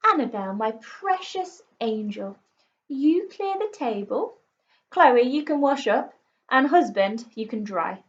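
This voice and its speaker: A woman's voice: on the high side, expressive, slow pace. A woman voicing a snobbish, posh middle-aged mother in a haughty, prim, scolding manner, on a slightly muffled recording. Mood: bossy.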